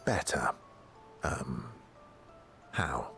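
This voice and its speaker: A hesitant deep-voiced game companion. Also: male voice, lively intonation, very slow, gravelly, a bit bright, soft background music, heavily acted. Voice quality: hesitant, stammering. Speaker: game character. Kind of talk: video game dialogue.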